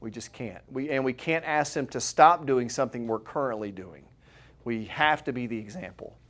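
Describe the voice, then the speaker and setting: A man's voice: medium pitch, normal speed, fairly bright tone. A middle-aged man, a chiropractor, giving a live health talk to an audience in a conversational way and putting questions to the room.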